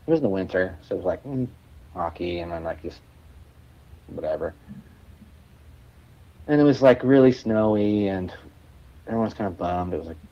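A man's voice: sits low, lively intonation, moderate pace, long pauses, muffled recording. A male musician guest telling a rambling story in a podcast interview, with plenty of restarts and fillers.

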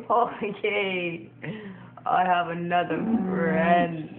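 A man's voice: fairly high pitch, moderate pace, a little hiss or hum. Chatty young man, tinny roomy recording. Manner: chatty and excitable, talking to himself and the game. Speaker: gameplay commentator. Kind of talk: casual let's-play commentary. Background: game music.

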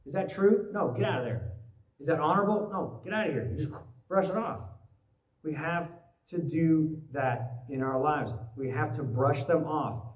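Male pastor, higher-pitched voice, lively storytelling sermon, recorded from a distance in a reverberant church. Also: moderate pace. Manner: animated storytelling, acts out worried voices. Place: church sanctuary. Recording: echoey church hall, mic at a distance.

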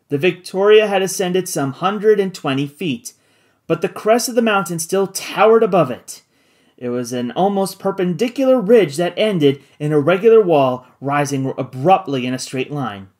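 A narrator reading a classic adventure novel aloud in an expressive, dramatic way. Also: mid-range voice, normal speed. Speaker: audiobook narrator.

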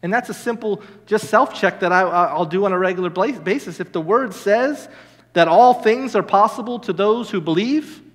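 Young man preaching with excitement. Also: sits high, moderate pace. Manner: animated, enthusiastic preaching with frequent "amen?". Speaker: minister. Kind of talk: sermon. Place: church sanctuary. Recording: long church reverb.

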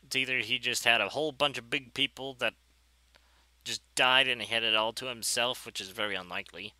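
A man chatting casually over his gameplay, rambling and easily excited. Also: medium pitch, fairly quick, no room sound, low-quality recording. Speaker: gameplay video creator.

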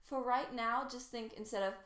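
A woman singing teacher coaching beginners through warmups in an encouraging way. Her voice is slightly scratchy. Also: on the high side, steady tone, normal speed. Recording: roomy echo, faint piano. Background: faint piano.

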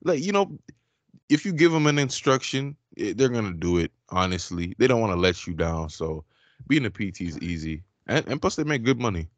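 Low-voiced laid-back podcast host. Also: male voice, sing-song, brisk, no echo. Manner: laid-back and joking, with slang like "man", "bro" and "yous". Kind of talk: casual chat.

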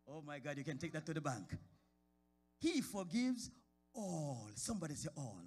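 A man in a church preaching a sermon. His voice rises from quiet talk to shouted high points, and he calls out members of the congregation by name. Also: sing-song, moderate pace, breathy edge, soft background music. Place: church sanctuary.

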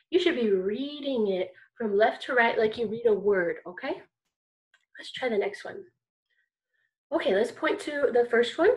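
A woman's voice: on the high side, expressive, moderate pace. A woman teaching an online kindergarten music lesson, encouraging and singsong as she chants rhythms.

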